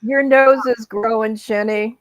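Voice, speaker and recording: A woman's voice: fairly high pitch, fairly even intonation, measured pace, dry recording, muffled recording. A woman chatting on a game stream, teasing the host and laughing easily. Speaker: co-player on stream. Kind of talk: casual chat on a game stream.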